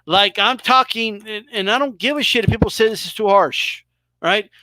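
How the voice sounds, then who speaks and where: A man's voice: sits high, normal speed, pushed and bright, no echo. A man hosting a live boxing talk stream, talking casually and emphatically, swearing freely. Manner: emphatic, swearing, exaggerated mock reactions. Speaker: boxing show host.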